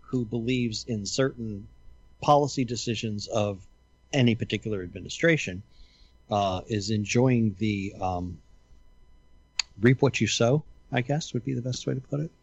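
An older man hosting a casual chat, dry and sarcastic, chuckling often, with a husky voice. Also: mid-range voice, moderate pace, dry recording, highs cut off.

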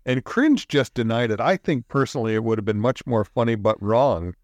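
A man in casual podcast chat, dropping wry, deadpan jokes. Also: medium pitch, brisk, dry recording.

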